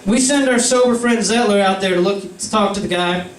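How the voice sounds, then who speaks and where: A young man with a high voice tells a rambling, profanity-laced story to his friends. He sits back from the mic in a roomy space. A faint ambient hum runs underneath. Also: fairly quick, far from the mic. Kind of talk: casual anecdote. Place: indoor room with friends.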